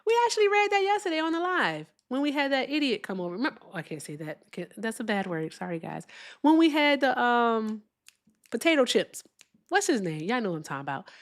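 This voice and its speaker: Emphatic woman streaming live. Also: on the high side. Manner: animated, emphatic, swears, stretches words for emphasis. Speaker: livestream political host.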